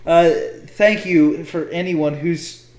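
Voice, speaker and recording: A man's voice: on the high side, steady tone, slow pace, darkish tone, a little hiss or hum. A young man co-hosting a podcast in casual chat, teasing and laughing often. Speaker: podcast co-host. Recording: echoey room.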